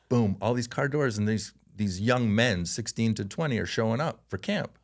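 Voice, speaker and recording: A man from Canada, a former hockey player, telling stories in a casual interview, animated and laughing often as he acts out voices. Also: mid-range voice, moderate pace, hardly any pauses.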